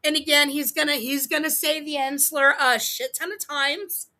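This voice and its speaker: A woman's voice: sits high, steady tone, normal speed, bright, forceful tone. A woman hosting a livestream, reacting to a clip with profane, heated, laughing commentary. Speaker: livestream host. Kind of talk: casual commentary stream.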